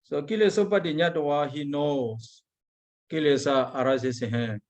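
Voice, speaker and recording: Burmese monk teacher, slightly high voice. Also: male voice. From Myanmar. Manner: halting, searches for English words, chants Pali passages then explains. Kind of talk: Abhidhamma lecture.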